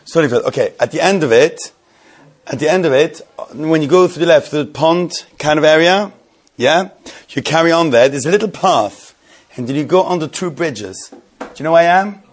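A man's voice: a little high, animated, moderate pace. Rambling, amused man telling a story. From London area. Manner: rambling, amused, often breaking into laughter. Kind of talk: casual anecdote told to friends.

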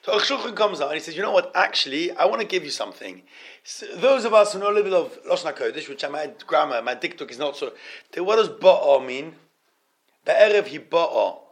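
Halting, high-voiced man teaching Torah. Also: lively intonation, slightly rough. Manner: halting, repeats words, asks the class questions; mixes Hebrew terms into English. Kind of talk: informal Torah class.

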